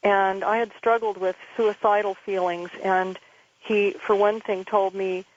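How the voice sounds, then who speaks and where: A woman speaks over a muffled telephone line in an even, flat voice with little rise and fall. She tells her story earnestly but haltingly, often restarting her sentences. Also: mid-range voice. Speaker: radio show guest. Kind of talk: personal testimony over the phone.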